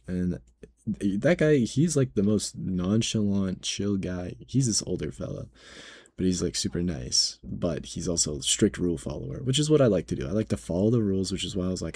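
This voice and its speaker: A young man with a low, husky voice tells a grocery job story. His tone is dark and mellow, and his slangy, exasperated delivery suits a casual vlog. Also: brisk. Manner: animated, slangy, exasperated retelling. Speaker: grocery store cashier.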